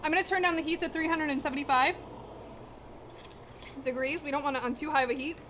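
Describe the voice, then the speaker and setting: This cooking streamer, a young woman in her home kitchen, speaks fast in a high, steady, somewhat bright voice over a faint hiss or hum. She chats with her viewers while she cooks, slangy and direct, addressing the chat head-on and a bit short of breath.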